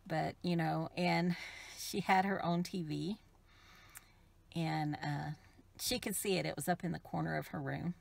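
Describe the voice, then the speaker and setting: A middle-aged woman from the United States, telling an emotional personal story in a soft, rambling way with many restarts. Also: deep voice, fairly even intonation, a little slow, gravelly. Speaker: craft vlogger.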